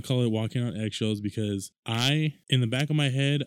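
A man's voice: medium pitch, moderate pace, clean tone, no echo, studio quality. A young man in his twenties hosting a casual solo podcast, talking in a rambling, conversational way with lots of fillers. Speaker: podcast host.

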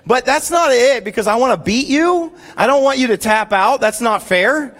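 High-voiced man preaching with joking stories. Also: moderate pace. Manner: animated, joking storytelling with frequent restarts. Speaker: pastor. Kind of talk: sermon.

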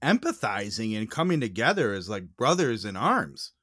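A man's voice: fairly low pitch, moderate pace, no echo, studio quality. Teasing young man on a podcast. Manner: teasing, mock-indignant, animated storytelling. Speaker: podcast co-host. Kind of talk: casual chat.

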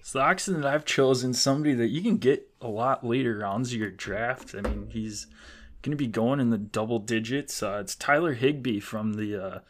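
A man's voice: medium pitch, moderate pace. A man co-hosting a casual podcast, upbeat and dropping folksy country sayings. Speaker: podcast co-host. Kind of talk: casual podcast banter about fantasy football.

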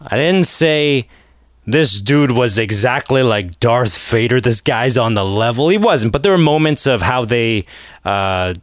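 A man hosting a podcast alone, rambling in a casual rant with sarcasm and sudden animated outbursts. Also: mid-range voice, a little slow, no echo, clean studio sound. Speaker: podcast host.

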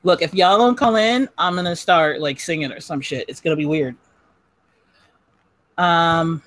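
A woman's voice: low voice, normal speed, pauses often, no echo. A woman from Southern California hosting a live call-in chat show, chatty and profane, often laughing. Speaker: podcast host taking calls.

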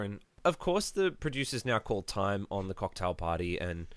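A man's voice: on the low side, sing-song, normal speed, hardly any pauses, clear, resonant tone, no echo. A man hosting a podcast, casually recapping a reality show with wry, dry asides. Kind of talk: casual chat.

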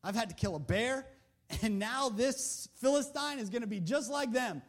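A man's voice: very high-pitched, animated, normal speed, heavily acted. A man voicing a bold, brash young shepherd, cocky and casual, with slang in his talk.

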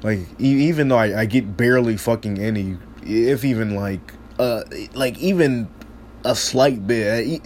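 A man's voice: mid-range voice, normal speed, darkish tone, a little hiss or hum. A teenage boy ranting in frustration, swearing constantly and rambling with many restarts. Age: teens. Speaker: high school student venting. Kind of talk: casual rant.

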